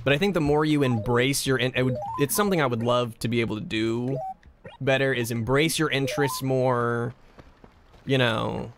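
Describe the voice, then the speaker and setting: A man's voice: mid-range voice, normal speed, music in the background. A man casually chatting on a livestream, rambling and self-deprecating as he reads and answers chat. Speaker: streamer.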